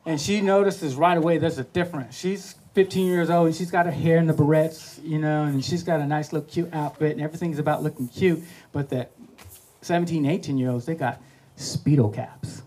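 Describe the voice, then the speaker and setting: High-voiced man telling a motivational story. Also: brisk. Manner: animated, acts out voices, laughs at his own story. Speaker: podcast host.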